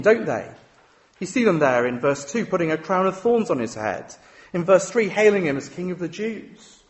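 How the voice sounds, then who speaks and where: Lively man preaching. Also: on the high side. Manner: conversational, asks rhetorical questions. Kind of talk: sermon.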